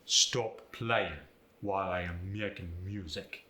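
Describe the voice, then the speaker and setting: A man doing a West African-accented voice that lands hard on every syllable, with rising tones on certain vowels. It is unhurried and bright-edged, and it sits in a roomy, echoey space. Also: low voice, steady tone, a little hiss or hum, heavily acted. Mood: demonstrating. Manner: slow, deliberate, stresses every syllable.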